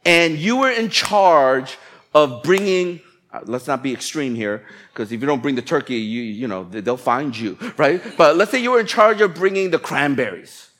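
Man, pastor, sermon, chatty and playful, slightly high voice. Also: animated, normal speed, fairly bright tone. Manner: conversational, playful preaching with acted-out inner voices.

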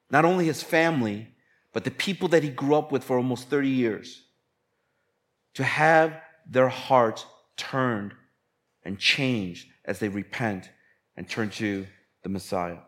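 A man preaching a sermon in a conversational, relatable way, often acting out quoted lines. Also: medium pitch. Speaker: pastor.

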